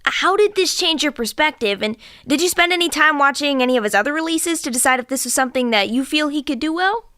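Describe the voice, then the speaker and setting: Female podcast co-host, high and expressive pitch; measured, formal questions. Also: no room sound, studio quality. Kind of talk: reading a prepared interview question.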